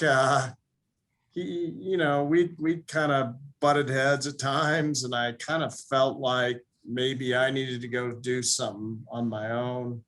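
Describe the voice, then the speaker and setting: A middle-aged man, a basketball coach guest, reflecting on his career in a halting, hesitant way. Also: mid-range voice, a bit bright. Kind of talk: reflective podcast conversation.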